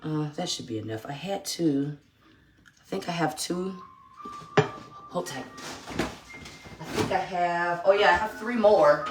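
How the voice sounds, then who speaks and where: A middle-aged woman hosting a casual home cooking show, chatting and teasing as she works in her kitchen. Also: deep voice. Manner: chatty, teasing, thinks aloud while working.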